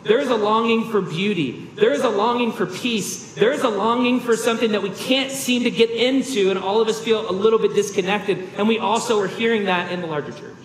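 A man's voice: sits high, brisk, hardly any pauses, echoey room, in a large hall, crowd noise, rough recording. A man preaching a sermon as a pastor, earnest and emphatic, with rhetorical questions.

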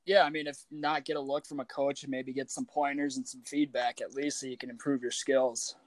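A man's voice: mid-range voice, flat delivery, a little fast, no room sound. A man co-hosting a casual podcast chat, blunt and opinionated. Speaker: podcast co-host.

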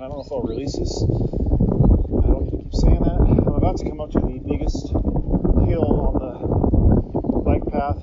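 Brief: male host riding a bike and rambling, slightly higher voice, loud wind noise and dull lo-fi sound. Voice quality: chatty, tangent-prone, laughs often. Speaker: podcast host. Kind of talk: casual rambling monologue. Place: outdoors on a riverside bike path. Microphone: portable recorder while cycling.

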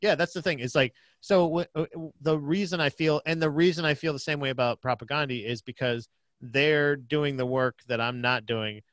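A man's voice: a little high, moderate pace, a bit bright, no echo. A man co-hosting a podcast from Pennsylvania, chatting casually in a loose, profane, joking way. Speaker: podcast co-host. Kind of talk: casual chat.

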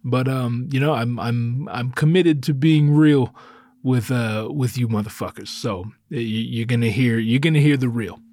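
A man's voice: mid-range voice, moderate pace, a little mellow. A man hosting his own podcast solo, a little out of breath, talking in a profane, rambling way and making darkly self-mocking jokes. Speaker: podcast host. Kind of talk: casual solo podcast monologue.

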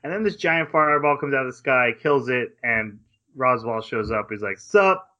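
Bright-voiced man recapping an episode. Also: medium pitch, fairly even intonation, dull audio. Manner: rambling recap with quick quoted asides. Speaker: podcast co-host.

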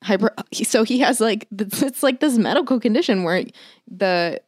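A woman's voice: mid-range voice, expressive, normal speed, slightly rough, dry recording, clean studio sound. A young woman co-hosting a podcast in casual chat, rambling with lots of fillers and restarts. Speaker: podcast co-host.

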